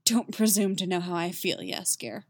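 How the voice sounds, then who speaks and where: A woman voicing a proud, sharp-tongued sorceress with a hoarse, raspy voice and cutting manner. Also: on the low side, big pitch swings, moderate pace. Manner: haughty, cutting.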